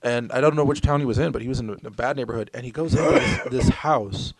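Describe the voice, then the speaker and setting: Fast-talking, rambling man podcast co-host. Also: medium pitch, no room sound. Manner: rambling storyteller, many restarts. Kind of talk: casual chat.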